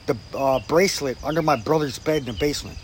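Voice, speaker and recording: A man's voice: fairly high pitch, fast talker, slight background noise. Cursing man. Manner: profane, acts out quoted people. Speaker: guest storyteller. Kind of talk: casual storytelling chat.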